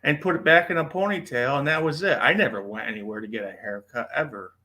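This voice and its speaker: A man's voice: mid-range voice, fast, bright, forceful tone. A man in a casual group chat who talks in a rambling way and fills his sentences with "you know.". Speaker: chat participant.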